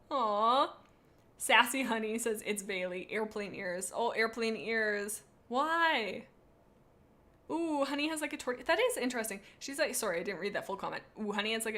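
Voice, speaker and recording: A woman's voice: a little high, a bit bright. A woman on a live stream, rating viewers' pet cats in a playful, rambling way and reading chat comments aloud into a desk microphone.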